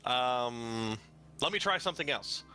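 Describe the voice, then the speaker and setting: A man playing a tabletop game, describing his character's actions haltingly with many fillers. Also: mid-range voice, animated, bright, forceful tone, faint music behind. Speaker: player. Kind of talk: casual tabletop play.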